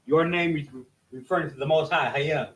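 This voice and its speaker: A man's voice: on the high side, normal speed, fairly bright tone. A man teaching a Bible lesson at a marker board, explaining step by step with frequent restarts and self-corrections. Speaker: religious study teacher. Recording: roomy echo, voice from a distance.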